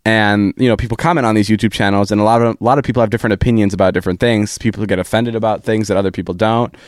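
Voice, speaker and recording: A man's voice: lowish voice, fairly even intonation, racing, dry recording, clean studio sound. A man hosting a casual podcast chat who asks a lot of questions and laughs often. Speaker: podcast host.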